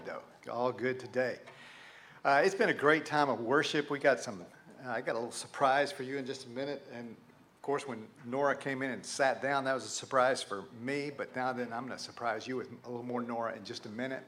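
A man's voice: mid-range voice, a bit bright, slight background noise. A man with a Texan accent, preaching a sermon to a live congregation in a folksy, conversational way. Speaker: pastor. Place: church sanctuary with a live congregation.

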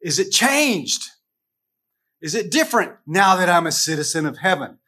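High-voiced man teaching a Bible lesson. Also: big pitch swings, normal speed, sharp tone. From United States. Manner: conversational, with frequent restarts and rhetorical questions. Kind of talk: casual Bible lesson to a group.

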